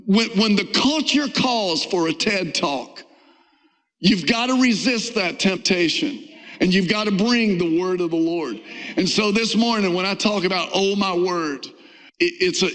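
A man preaching a sermon to a church congregation, emphatic, with drawn-out stresses and pitch that climbs on key words. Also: a bit bright, big-room sound, rough recording. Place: church sanctuary.

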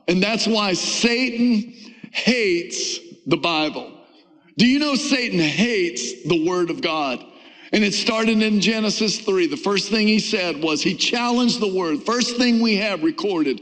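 Emphatic high-voiced preacher in a reverberant hall. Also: male voice, fairly bright tone. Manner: emphatic, rises in pitch for emphasis, drawn-out stresses. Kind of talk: sermon. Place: church sanctuary.

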